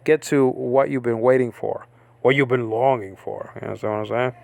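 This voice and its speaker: Steady and a little mellow, this man's mid-range voice is creaky and moves at normal speed, with no room sound. As a Bible teacher giving a loose, informal study talk, he drifts through fillers and keeps checking in with "okay?"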